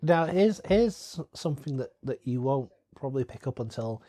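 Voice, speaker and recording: A man's voice: mid-range voice, lively intonation, moderate pace, warm tone, dry recording. A young man from England co-hosting a casual comedy film commentary, swearing, stammering and laughing often.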